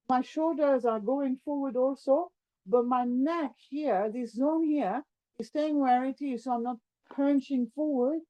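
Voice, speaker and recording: A woman leads a yoga class with a high, light voice. She talks students calmly through each breath and movement while demonstrating. The sound is a little dull and lo-fi. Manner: calm, step-by-step guiding, demonstrating while talking. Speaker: yoga teacher. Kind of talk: guided yoga class instruction.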